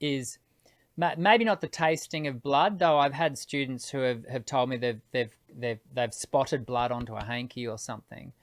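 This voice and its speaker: A man hosting an interview as a voice teacher, speaking haltingly and repeating words as he starts his sentences. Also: mid-range voice. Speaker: host, voice teacher. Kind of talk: casual interview questions.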